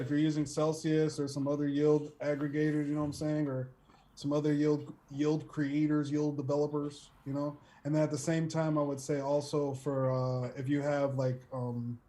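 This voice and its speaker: A man's voice: on the high side, warm tone. Laid-back, agreeable male co-host. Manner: laid-back, agreeable, says "man" often. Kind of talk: casual livestream chat.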